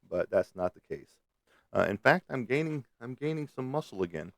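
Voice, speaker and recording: A man's voice: mid-range voice, lively intonation, brisk, dry recording, studio quality. A middle-aged man chatting on a live stream from a room at home, blunt and profane, rambling between topics. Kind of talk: casual live stream chat. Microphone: webcam on a live stream.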